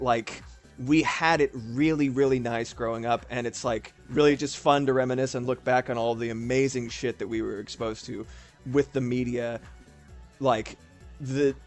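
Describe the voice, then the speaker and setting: A man streaming as an artist, chatting casually and rambling while he draws, swearing freely. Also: mid-range voice. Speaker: art streamer. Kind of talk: casual livestream chat while drawing.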